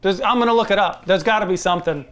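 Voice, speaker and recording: A man's voice: high voice, fast talker, a bit bright. Chatty, laughing male podcast co-host. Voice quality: hesitant, many restarts, laughs. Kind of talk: casual movie review chat.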